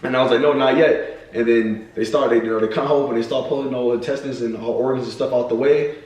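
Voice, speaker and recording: Young guy telling the story quick, lots of slang, room's super echoey. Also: mid-range voice. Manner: fast, slangy, animated storytelling. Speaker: vlogger, new father. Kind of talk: storytime chat. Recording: echoey room, mic at a distance.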